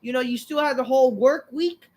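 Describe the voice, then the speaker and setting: A woman with a high voice rants through a wrestling show review, cursing at every turn and repeating her insults. She swings between grumbling and loud shouts. The voice stays high and sharp in its anger. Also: brisk. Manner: angry, swearing, repeating insults; bursts into shouting. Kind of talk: profane ranting review.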